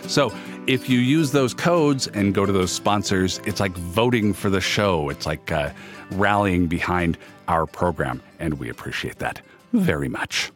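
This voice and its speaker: A man hosting a podcast, reading scripted narration and sponsor notes in an earnest, lightly playful way. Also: lowish voice. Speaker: podcast host.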